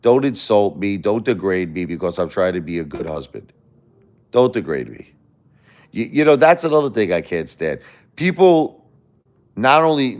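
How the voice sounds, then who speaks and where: A man hosting a live stream, angrily lecturing and insulting a chat commenter with lots of profanity, swinging between loud outbursts and low muttering. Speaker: livestream host reading chat. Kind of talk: livestream rant at a chat commenter.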